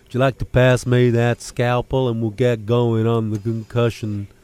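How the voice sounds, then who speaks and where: Man doing a loud bumbling clumsy surgeon. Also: medium pitch, little pitch movement, normal speed, lightly acted. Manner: loud, fumbling, apologetic. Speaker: comic sketch character.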